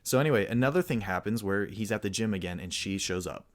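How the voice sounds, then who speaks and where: A man's voice: fairly low pitch, fast. A young man co-hosting a podcast, telling a long story in casual chat and acting out the quotes. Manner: rambling, animated storyteller who acts out quotes. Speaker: podcast co-host.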